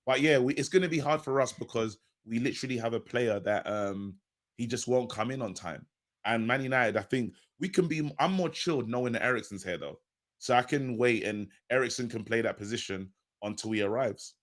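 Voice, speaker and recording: A man's voice: mid-range voice, a little fast. A man, chatting about football on a podcast panel in a laid-back, slangy way. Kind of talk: casual football podcast chat.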